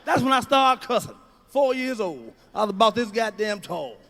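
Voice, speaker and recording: High, bright-voiced man doing profane stand-up. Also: animated, moderate pace. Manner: loud, profane, storytelling with acted-out voices. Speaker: stand-up comedian. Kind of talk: stand-up routine. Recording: archival stand-up clip.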